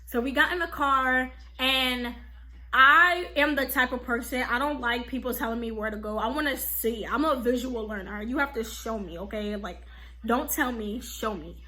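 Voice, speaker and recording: A young woman vlogger telling a casual storytime, animated and slangy, full of "like" and "okay?". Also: fairly high pitch, moderate pace.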